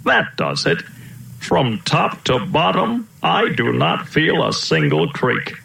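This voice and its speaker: Man as a gentle, fussy old elephant uncle for a storybook; slow, creaky, lilting delivery. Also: a little high, very animated, voice pushed up, full character voice. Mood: cheerful. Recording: roomy echo.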